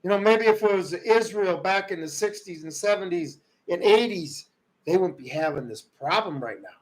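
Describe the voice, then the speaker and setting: A man hosting a livestream, ranting about politics in a heated way, swinging from loud outbursts to low muttering. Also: moderate pace, low-quality recording. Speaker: livestream host. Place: rural home.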